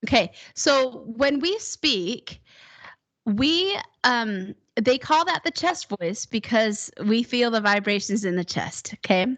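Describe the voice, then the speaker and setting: A woman teaching a one-on-one singing lesson, encouraging her student and demonstrating high whoops. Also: sing-song, takes it slowly, fairly bright tone.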